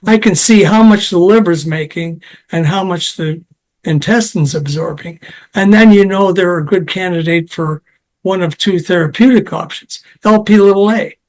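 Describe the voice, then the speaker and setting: High-voiced man explaining technical health detail. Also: moderate pace, darkish tone. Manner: digressive, technical, storytelling. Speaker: guest, health science expert. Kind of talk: conversational interview.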